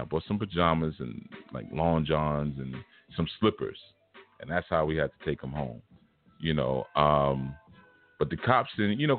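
A man giving a casual spiritual lesson, telling a personal story in blunt, streetwise slang. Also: fairly low pitch. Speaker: spiritual teacher. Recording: tinny phone-like sound with faint music.

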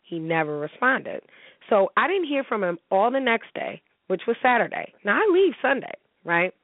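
A woman's voice: medium pitch, big pitch swings, moderate pace, no echo. A woman hosting a podcast, telling a story in casual chat with blunt, profane outbursts. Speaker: podcast host. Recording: tinny phone-line sound.

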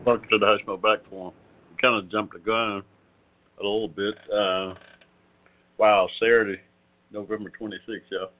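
A man's voice: on the low side, flat delivery, normal speed, pauses often, a little hiss or hum. An older man, hosting a casual internet radio talk show in a rambling, folksy way. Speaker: host. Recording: phone-like call-in line.

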